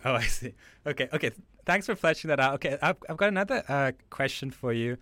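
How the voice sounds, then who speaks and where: Bright-voiced polite male interviewer. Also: mid-range voice, expressive, fast. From South Africa. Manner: polite, hesitant, probing. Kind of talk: interview questions.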